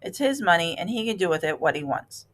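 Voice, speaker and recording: A woman voicing a gentle, honest male cricket in a storybook reading, speaking in an earnest, sincere way. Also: lowish voice, very animated, fairly quick. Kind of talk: storybook read-aloud.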